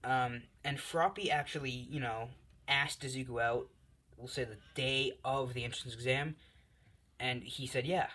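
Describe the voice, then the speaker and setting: A man's voice: medium pitch, fairly even intonation, unhurried, bright, forceful tone. A young man casually making up a fan story as he goes, rambling with lots of fillers and the odd swear word.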